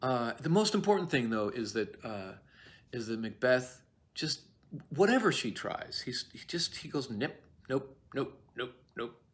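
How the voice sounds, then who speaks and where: A man's voice: mid-range voice, sing-song, moderate pace. A man giving a chatty, rambling video lecture on a play, self-deprecating and full of asides.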